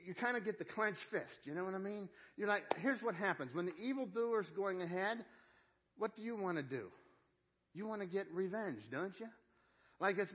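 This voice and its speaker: A man delivers a sermon in an earnest, conversational way, circling back over his phrases as he goes. His voice sits a little high for a man. The recording is dull and lo-fi. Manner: earnest, conversational preaching with repeated phrases and restarts. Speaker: pastor.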